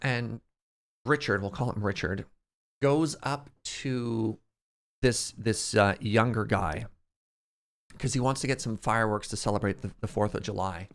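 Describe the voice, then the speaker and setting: A man streaming a game, chatting casually and telling stories in an animated way to his chat. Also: lowish voice, a little slow, gravelly. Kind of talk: casual storytelling while playing.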